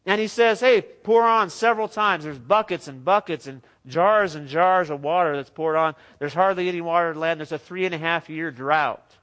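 A male preacher with a fairly high voice gives a sermon. He talks in a lively, conversational way and drops in joking asides. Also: a little fast, few pauses.

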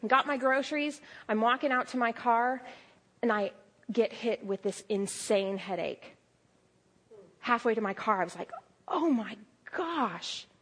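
A young adult woman preaching a sermon, telling stories with lively quoted asides. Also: on the high side, normal speed.

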